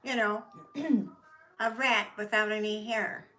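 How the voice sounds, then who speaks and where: An older woman with a Minnesota accent, a guest on her daughter's Q&A, telling soft-spoken, meandering stories. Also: mid-range voice, flat delivery, takes it slowly. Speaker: guest, host's mother.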